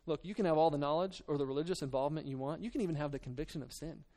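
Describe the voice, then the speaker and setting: A man's voice: a little high, rapid-fire, mellow. A man preaching a sermon to his church, reading scripture, then talking in a loose, earnest way with many restarts and fillers. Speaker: pastor.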